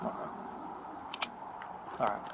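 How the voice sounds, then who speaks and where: A male police officer asking questions in a terse, matter-of-fact way, heard through a body camera outdoors. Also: slow. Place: outdoors by a store parking lot. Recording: noisy body cam audio outdoors.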